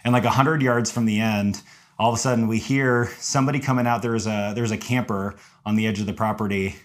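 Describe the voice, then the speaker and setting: A young man casually telling a hiking story to friends, lively and animated, jumping into high voices when he quotes himself. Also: brisk. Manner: animated, acts out quotes with high-pitched apologies. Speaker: podcast co-host recounting a hike.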